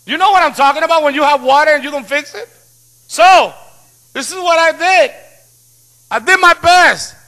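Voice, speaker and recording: A middle-aged male pastor telling stories in a sermon, animated with playful asides. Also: very high voice, moderate pace, long pauses. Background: piano music.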